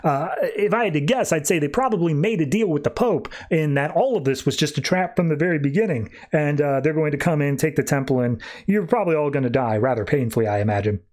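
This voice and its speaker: A man's voice: a little high, animated, quick pace, few pauses, darkish tone, natural voice. A man voicing a scatterbrained male robot doctor who rambles distractedly while retelling a comic story. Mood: dithering.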